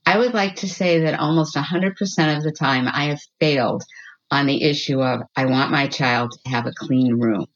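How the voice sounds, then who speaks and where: A woman with a notably low voice talks through parenting advice as a podcast guest. She sounds earnest and reassuring, often checking in with "okay?" The recording is slightly dull and lo-fi. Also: steady tone, moderate pace. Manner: earnest, reassuring, tags points with "okay?" and "you know what?". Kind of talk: advice-giving podcast conversation.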